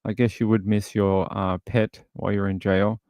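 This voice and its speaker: A man's voice: on the low side, flat delivery, moderate pace, darkish tone, no echo. A man hosting a casual livestream, chatting and thinking aloud as he scrolls through material. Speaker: livestream host.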